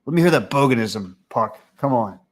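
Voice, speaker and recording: A man's voice: medium pitch, animated, normal speed. A man hosting a livestream, ranting casually with crude, profane mockery. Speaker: livestream host.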